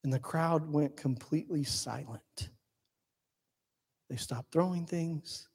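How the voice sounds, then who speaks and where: A man preaching a sermon, telling the story quickly and then dropping to slow, hushed lines. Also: on the high side, husky. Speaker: pastor.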